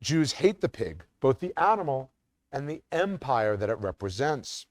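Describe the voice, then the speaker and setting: A middle-aged man lecturing to a community audience, his pitch rising and falling in lively sweeps. He catches himself mid-phrase now and then with an um or a restart. The sound is close and dry, with no room around it. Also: moderate pace, no echo. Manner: reads quotes with sing-song emphasis, some restarts and ums. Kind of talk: academic lecture.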